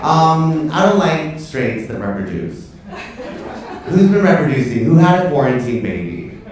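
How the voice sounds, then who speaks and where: Brief: brash, profane male comic working the crowd, lively swooping delivery, echoey club from a distance, audience laughing. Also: on the high side, a little slow. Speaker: stand-up comedian. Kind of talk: stand-up set with crowd work. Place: comedy club stage before a live audience.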